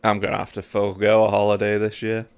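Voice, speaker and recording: A man's voice: lowish voice, completely flat delivery, fast talker, smooth. A tired young British man streaming a game, chatting bluntly with his viewers. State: tired, yawning. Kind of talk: casual live-stream chat over gameplay.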